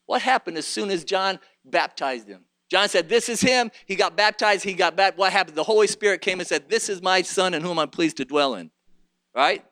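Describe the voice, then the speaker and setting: A man preaching a sermon in an impassioned way, asking rhetorical questions and rising to shouts. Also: high voice, normal speed.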